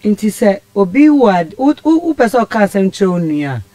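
A woman's voice: mid-range voice, big pitch swings, a little fast, dark tone, no echo. A Ghanaian woman telling a personal story as a radio guest, impassioned and rambling. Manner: impassioned, rambling, switches languages. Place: radio studio.

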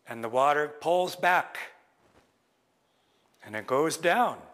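A man telling a traditional story live in a lecture hall, slow and expressive, acting out each character. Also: on the high side. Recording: long reverb of a lecture hall.

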